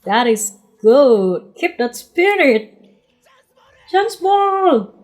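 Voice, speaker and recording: Woman vlogger, high and very animated voice, excitable exclamations and laughs mixed with quiet murmured asides, unhurried delivery. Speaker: anime reaction vlogger. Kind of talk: live reaction commentary.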